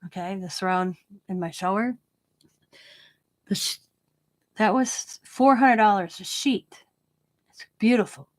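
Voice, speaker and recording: A middle-aged woman telling a long story with blunt, animated delivery and casual swearing. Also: mid-range voice, measured pace, long pauses. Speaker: craft channel host. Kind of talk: casual storytelling while crafting.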